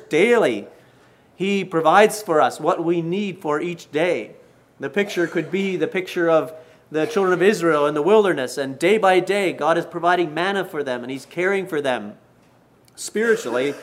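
A man in his sixties preaching to husbands in a folksy storytelling manner, with restarts and gentle self-mockery. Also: a little high. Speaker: pastor. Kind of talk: sermon to married men.

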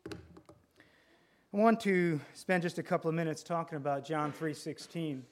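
Higher-voiced man preaching a sermon. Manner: deliberate, emphatic preaching with repetition.

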